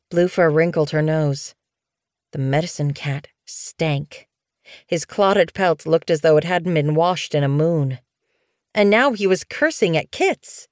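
A woman with a low voice narrates an audiobook in a calm, even storytelling manner. The recording is dry and close, with no room sound. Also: dry recording. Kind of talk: scripted narration.

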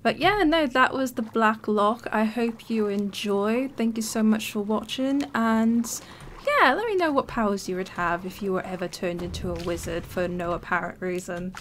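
A woman's voice: mid-range voice, moderate pace, a little hiss or hum. A woman hosting a let's play, chatting casually and laughing at herself as she plays. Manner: chatty, giggly, self-mocking. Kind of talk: casual gameplay commentary.

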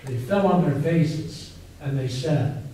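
High-voiced pastor in an echoing church. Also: male voice, animated, dark tone, a little hiss or hum. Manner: dramatic reading, slowing and rising on quoted lines. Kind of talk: sermon reading scripture aloud. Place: church sanctuary. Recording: very echoey church from a distant mic.

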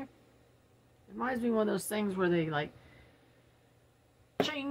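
A woman's voice: medium pitch, creaky, a little hiss or hum. A middle-aged woman, chatting casually and giggling as she unboxes products at home for her viewers. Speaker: unboxing vlogger. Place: home, early morning.

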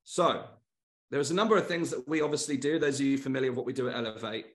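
A man's voice: mid-range voice, fast. A middle-aged man hosting a motivational webinar, speaking earnestly and stressing points through repeated short lists. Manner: earnest, repetitive emphatic lists. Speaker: webinar host.

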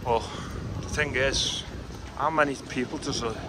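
A man's voice: mid-range voice, steady tone, moderate pace. A man with a Liverpool accent giving a chatty, blunt walking tour commentary outdoors as a vlogger. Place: outdoors on city streets. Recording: street traffic noise behind.

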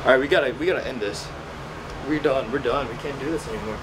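A young man hosting a frightened ghost-hunt vlog in a dark house, jumpy and exclaiming and repeating himself. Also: mid-range voice, fast. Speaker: YouTube host. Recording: noisy home video.

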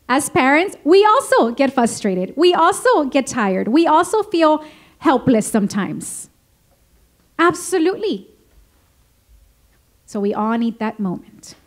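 This high-voiced woman is giving a parenting workshop in a school meeting room. Her manner is lively and engaging; she keeps asking the audience questions to involve them, and she shifts into her English.

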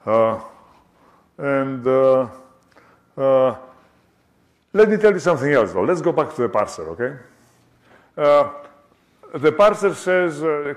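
An older man giving an academic lecture, halting with many fillers and restarts and often checking "okay?". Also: mid-range voice, lively intonation. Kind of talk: academic talk. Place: lecture hall.

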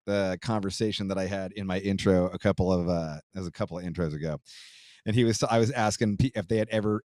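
A man's voice: lowish voice, mellow, no room sound, studio quality. A man hosting his podcast, chatting casually and reading a listener's letter, loose and profane, laughing easily with frequent restarts. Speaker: podcast host.

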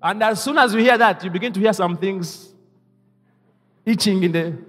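A man preaching a sermon as pastor, leading the congregation to repeat his lines and moving between hushed asides and loud exclamations. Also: high voice, brisk, soft background music. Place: church hall. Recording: reverberant church hall.

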